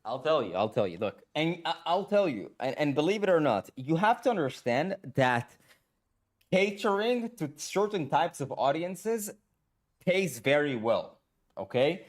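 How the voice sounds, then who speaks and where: Lively, profane man ranting on stream. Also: fairly high pitch, unhurried. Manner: blunt, profane, filler-heavy with "like" and "bro". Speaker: gaming streamer. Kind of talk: casual ranting stream talk.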